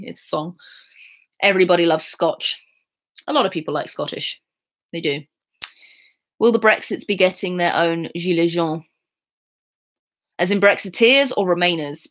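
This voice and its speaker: A woman's voice: on the low side, normal speed, pauses often, a bit bright. A young English woman chatting casually on a live stream at home, reading out and answering viewers' questions with easy laughs. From England. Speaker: YouTuber answering chat questions. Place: at home in bed.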